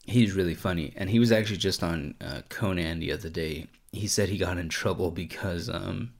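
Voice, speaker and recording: A man's voice: sits low, brisk, creaky. A man hosting a casual solo podcast, rambling and swearing a lot, with plenty of "like" and "um". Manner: profane, rambling, lots of "like" and "um". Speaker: podcast host.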